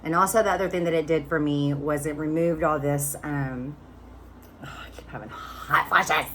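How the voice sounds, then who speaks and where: A woman's voice: deep voice, fairly even intonation, normal speed, a bit bright, slight background noise. A woman in her fifties chatting candidly to camera, telling a personal story in a casual, loose way. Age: 50s. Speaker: vlogger.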